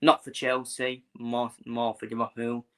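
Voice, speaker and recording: A man's voice: medium pitch, monotone, unhurried, a bit bright, clean tone. A man hosting a live football watchalong, chatting bluntly and casually, swearing freely and repeating himself.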